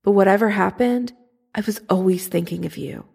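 A woman's voice: medium pitch, normal speed, creaky, a little mellow, breathy edge. A woman voicing a young male soldier writing an earnest, yearning love letter, in a fan fiction audiobook reading. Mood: tender.

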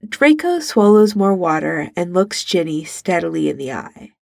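A woman narrating a fan fiction story aloud in a steady, measured reading. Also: lowish voice, vocal fry, dry recording, studio quality.

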